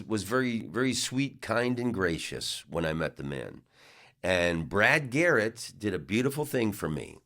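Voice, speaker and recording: A middle-aged comedian tells a loose, rambling story in a low-pitched voice. His intonation swings up and down, and he keeps circling back with fillers and false starts. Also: fairly bright tone. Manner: rambling, with many restarts and fillers. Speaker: comedian and podcast host. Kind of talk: casual storytelling monologue.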